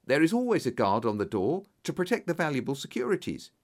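A man voicing a flustered, anxious young male clerk in a storybook reading, pleading and excitable. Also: fast talker. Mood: eager. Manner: excitable, pleading, rising pitch.

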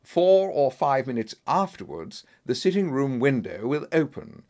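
A man voicing a calm, commanding male detective in an audiobook reading, precise and authoritative. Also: mid-range voice, unhurried.

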